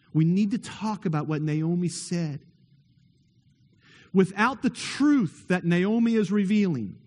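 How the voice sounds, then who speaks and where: High-voiced, unhurried preacher in reverberant hall. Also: male voice, darkish tone. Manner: earnest, emphatic, builds with repeated phrases and rhetorical questions. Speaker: pastor. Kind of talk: sermon. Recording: long reverb of a large hall.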